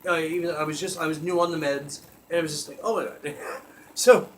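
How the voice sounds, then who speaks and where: A man hosting a talk show, telling a comic story in an animated way, often laughing as he talks and swearing freely. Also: fairly high pitch, brisk. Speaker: podcast host. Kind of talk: comedic storytelling.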